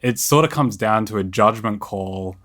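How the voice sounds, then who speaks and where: Low voiced investor guy asking curious questions, thinking out loud. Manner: probing, curious questions, measured.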